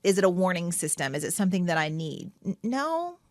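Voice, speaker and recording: A woman talks on a podcast about coping and feelings, her pitch moving up and down a lot as she makes her points. The mic sits close and the room sounds dry, with no echo at all. She keeps it casual and heartfelt, with many filler phrases. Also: brisk. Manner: animated and earnest, many "you know"s and "like"s. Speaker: podcast co-host. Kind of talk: casual mental health chat.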